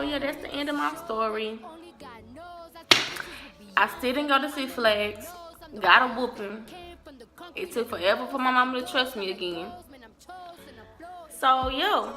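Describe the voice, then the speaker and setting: A young woman vlogger telling a casual storytime, animated and slangy, cursing freely. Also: high-pitched.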